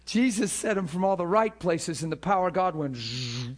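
A man preaching with fervor in a fairly high voice. He prays aloud and tells a story with rising passion, laughing between his points. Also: expressive, moderate pace. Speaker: pastor. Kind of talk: sermon.

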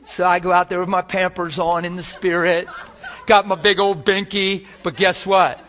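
Preacher, male, high voice, animated testimony sermon, drops to a hush then swells loud, chuckles through it. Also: moderate pace. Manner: animated storytelling, swings between hushed and loud; chuckles often while speaking.

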